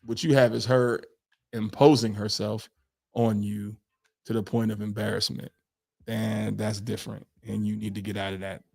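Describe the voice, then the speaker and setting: A man co-hosting a podcast, telling a story in casual chat, animated, acting out quotes and laughing often. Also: fairly low pitch, normal speed, creaky. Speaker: podcast co-host.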